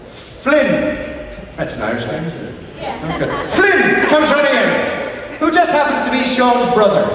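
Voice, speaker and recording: A man's voice: sits high, sing-song, unhurried, fairly bright tone. A man hosting a convention panel, chatty, telling a long joke and laughing at it. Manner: chatty storyteller, laughs at his own jokes. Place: large convention hall. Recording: echoey hall from far off with crowd.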